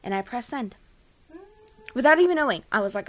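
A young woman co-hosting a podcast tells a story in a casual, dramatic style, animatedly acting out what people said. Her voice is fairly high and her pace a little fast.

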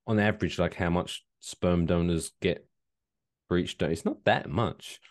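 A man co-hosting a podcast, chatting casually and joking through odd news stories with big swings in his voice. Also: moderate pace. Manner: lively, jokey, reads news out loud with big pitch swings. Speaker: podcast co-host. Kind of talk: casual chat.

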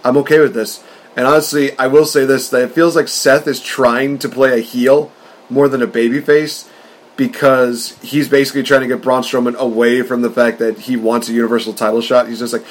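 A man talking casually on a podcast in an ordinary mid-range voice. He rants with excitable, fast-talking energy. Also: medium pitch. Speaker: wrestling podcast co-host.

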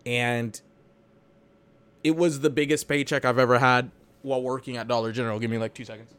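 A young man hosting a casual solo podcast, ranting with exasperation, swearing and bursting into shouts. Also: medium pitch, steady tone, fairly quick, clean tone. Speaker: podcast host.

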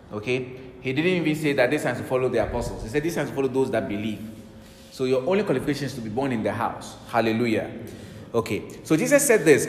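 A man's voice: medium pitch, darkish tone, a little hiss or hum. A man preaching a sermon emphatically, repeating key words and quoting scripture. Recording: echoey hall with faint ambience.

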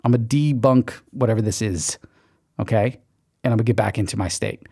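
Lowish, mellow, creaky, and a bit rough, this podcast host's voice moves a little fast. He delivers an emphatic motivational monologue in pep-talk style, full of repeated okays and dramatized inner voices.

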